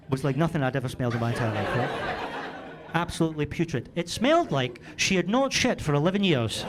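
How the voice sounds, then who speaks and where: A Scottish man in his thirties doing a stand-up set, telling a story in a chatty, swearing manner with frequent tag questions, on a handheld mic in a comedy club. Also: on the high side. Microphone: handheld stage mic. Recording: noisy live club recording.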